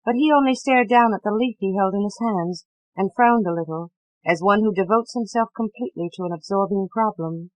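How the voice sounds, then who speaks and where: A woman audiobook narrator reading a novel with a measured, dramatic delivery that drops to hushed passages. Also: medium pitch, dry recording, low-quality recording. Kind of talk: scripted literary narration.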